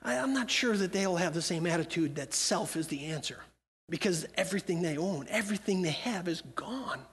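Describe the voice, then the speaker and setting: A man's voice: high voice, lively intonation, brisk, fairly bright tone. A man speaking as a missionary at a church, talking conversationally and acting out imagined dialogue. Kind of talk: church talk with acted-out quotes. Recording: long hall reverb.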